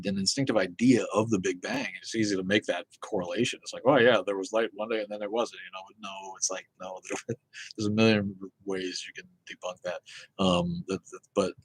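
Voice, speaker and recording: A low, husky man hosts a live Q and A, talking in a loose, rambling way. He swears freely, trips over restarts, and the sound is dry and close. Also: no echo, low-quality recording. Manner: rambling, profane, many fillers and restarts. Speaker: host of an atheist live show. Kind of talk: casual live Q and A chat.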